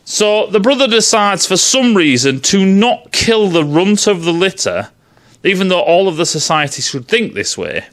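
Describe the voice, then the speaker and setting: A man tears into a film with mocking sarcasm and constant swearing. His pitch sits a touch high and jumps around in lively swings. He sounds like he's venting to a friend rather than presenting. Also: normal speed. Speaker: film reviewer. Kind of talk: ranting casual film review.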